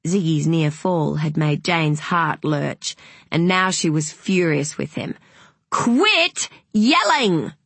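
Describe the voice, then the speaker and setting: A woman narrating an audiobook in a measured, unhurried way, with a breathy voice. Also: sits low, steady tone, dry recording.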